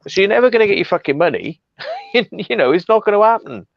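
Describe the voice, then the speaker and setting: A man's voice: high-pitched, very animated, a little fast, vocal fry, no room sound, highs cut off. A man hosting a casual chat over an online call, blunt and ranting with lots of swearing. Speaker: host.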